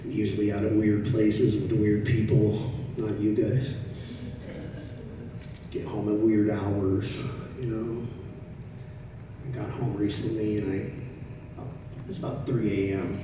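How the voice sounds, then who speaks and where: A middle-aged man doing a stand-up comedy set, telling stories in a conversational way, loud at the punchlines and quiet in the asides. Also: lowish voice, flat delivery, slow, pauses often. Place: comedy club stage. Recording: echoey room, distant mic, audible noise.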